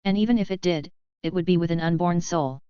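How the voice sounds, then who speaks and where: A woman voicing a sardonic, weary male fallen angel leader in a dry, deadpan way. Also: fairly low pitch, fast, smooth, no echo, close to an everyday voice. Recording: dull lo-fi audio.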